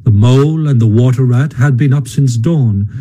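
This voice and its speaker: A man narrates a classic animal story at a measured, unhurried pace. His voice is mellow and dark, and slightly husky. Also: mid-range voice, rough recording. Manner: measured storytelling, occasional stumbles. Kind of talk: audiobook narration.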